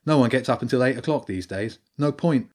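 A man voicing a defiant older teenage girl in an audiobook, talking sharp and dismissive. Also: mid-range voice, fairly quick, natural voice.

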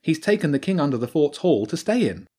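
A man's voice: fairly high pitch, sing-song, a little fast, darkish tone, slightly rough, pitched above the performer's own voice. A man voicing an earnest, anxious young teenage girl in an audiobook, with a pleading, urgent manner.

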